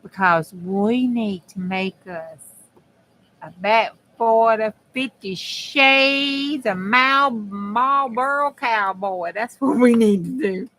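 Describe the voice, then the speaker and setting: A woman chats through a crafting session in an easygoing, folksy way, talking as much to herself as to her viewers. She takes her time, drawling her words out at a relaxed, unhurried pace. Her voice sits at an ordinary middle pitch for a woman. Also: poor audio. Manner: folksy, chatty, talks to herself and viewers while working. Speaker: crafting channel host. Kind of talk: casual chat while crafting.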